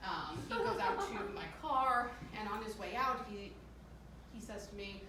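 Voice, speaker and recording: A woman's voice: medium pitch, very animated, moderate pace. Woman, live comedic storyteller, self-deprecating, laughing often, echoey hall, distant mic, background noise. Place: theater stage. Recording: echoey live room from far off.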